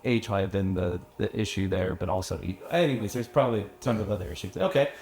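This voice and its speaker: A man hosting a podcast, asking questions and reacting in relaxed, brief remarks. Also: sits low, quick pace. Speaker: podcast host. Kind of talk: casual interview. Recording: echoey room.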